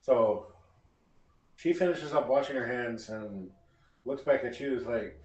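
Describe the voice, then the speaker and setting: A man running a tabletop game as game master, narrating with halting fillers. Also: mid-range voice, darkish tone, recorded from a distance. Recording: echoey room, voice from off-mic.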